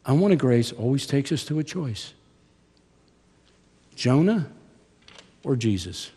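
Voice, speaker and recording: A man in his sixties, a seminary professor, preaching a chapel sermon with dramatic swings from hushed to loud. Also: mid-range voice, expressive, breathy edge. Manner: slow, deliberate preaching. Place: large chapel hall. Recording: long reverb of a large hall.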